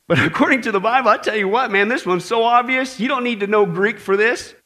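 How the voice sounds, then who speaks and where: A man preaching a sermon to a congregation in a conversational, animated way, often checking in with "okay?" and dropping jokes. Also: high voice, fast talker.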